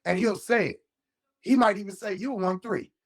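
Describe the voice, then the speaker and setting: A man's voice: sits high, normal speed. A young adult man co-hosting a podcast, chatting casually, acting out quoted dialogue and swearing freely. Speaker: podcast co-host. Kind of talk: casual conversation.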